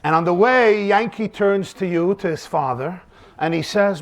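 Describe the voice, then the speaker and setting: A man with a high voice teaches as a rabbi at a normal pace, delivering a lecture on faith with acted-out anecdotes. He tells stories and poses rhetorical questions in a dramatic, emphatic style.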